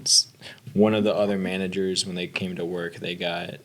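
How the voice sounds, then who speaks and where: Low-voiced guy, podcast guest, kinda halting, trails off a lot. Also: flat delivery, a bit bright, slight background noise. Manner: halting, trails off, laughs between words. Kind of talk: casual chat.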